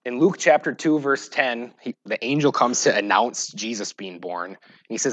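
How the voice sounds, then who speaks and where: A pastor preaching a sermon, moving between loud, emphatic scripture reading and quiet, joking asides. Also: male voice, mid-range voice, moderate pace, no echo. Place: church.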